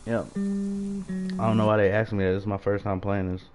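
A man's voice: fairly low pitch, little pitch movement, brisk, music in the background. A young man giving jumpy, swearing let's-play commentary with nervous laughter while playing a horror game. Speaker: gaming YouTuber.

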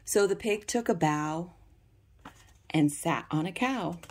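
A woman reading a children's picture book aloud for young readers, in a deliberate, carefully paced storybook manner. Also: on the low side, animated, a little mellow, a little hiss or hum.

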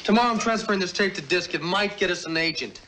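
A young actor playing an impatient teenage band leader who snaps and pushes the others, in a film soundtrack with noise behind. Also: male voice, sits high, fast, roomy sound, close to an everyday voice. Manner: demanding, exasperated, snappy.

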